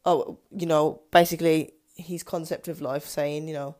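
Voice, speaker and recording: A woman's voice: low voice, steady tone, moderate pace, darkish tone. A woman casually retelling a film's plot, hesitant, with many ums and restarts. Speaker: film discussion vlogger.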